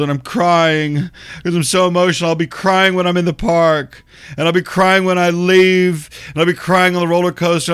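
A man's voice: a little high, fairly bright tone, clear, resonant tone, dry recording, clean studio sound, voice pushed up, natural voice. A man putting on the voice of an overly emotional woman fan, in a mocking sing-song whine.

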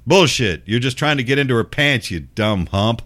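A man's voice: mid-range voice, animated, moderate pace, a bit bright. An older man hosting a podcast, ranting with constant swearing and cranky sarcasm. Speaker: radio and podcast host. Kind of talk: profane ranting commentary.

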